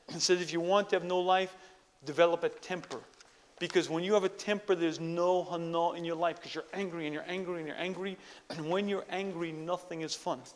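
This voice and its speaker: A man giving a motivational Torah lecture, emphatic, repeating phrases and often clearing his throat. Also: on the high side, long reverb tail.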